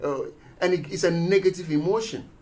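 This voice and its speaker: With a high-pitched voice and a fairly quick pace, this male guest, a teacher, talks on a radio show. He tells school stories in the studio, bringing the quoted voices to life as he goes.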